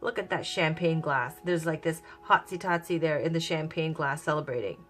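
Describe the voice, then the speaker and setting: A woman with a cold and a hoarse voice, giving a chatty, upbeat tarot reading. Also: sits low, normal speed, a bit bright, soft background music. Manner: chatty, upbeat, thinks aloud. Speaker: tarot reader.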